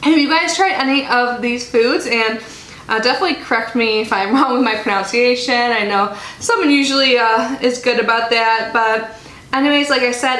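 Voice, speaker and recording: A woman's voice: high-pitched, pushed and bright. A woman casually chatting in an unboxing vlog, reading snack labels aloud and talking while she chews. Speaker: subscription box reviewer. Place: home in Florida. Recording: echoey room with faint noise.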